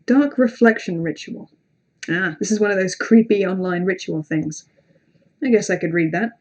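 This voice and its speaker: Speaking in a lowish voice at a moderate pace, a young woman with a British accent chats casually during a livestream in between reading horror stories. She rambles, swears and is self-deprecating.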